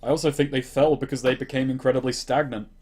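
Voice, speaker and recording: A man's voice: mid-range voice, steady tone, fast, a little mellow. A man playing a tabletop game, talking brashly and defiantly in character. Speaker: player.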